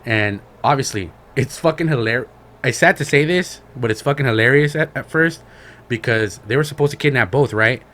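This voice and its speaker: A man's voice: medium pitch, normal speed. A man co-hosting a podcast, retelling a story in casual chat with slang and swearing. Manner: slangy, profane, animated retelling. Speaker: podcast co-host.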